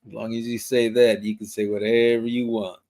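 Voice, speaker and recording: A man hosting a live podcast, reading viewer comments aloud and chatting in a relaxed, loose way full of fillers and restarts. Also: fairly low pitch, a little fast. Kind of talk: casual live-stream chat.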